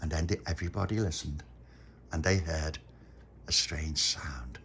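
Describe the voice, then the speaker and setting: A man telling a children's story in a relaxed, animated way. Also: very deep voice, normal speed, heavy background noise. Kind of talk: bedtime story narration.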